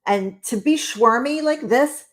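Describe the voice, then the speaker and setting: A woman's voice: a little high, lively intonation, unhurried. A woman co-hosting a casual wrestling review chat, chatty and sarcastic, often laughing. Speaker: podcast co-host.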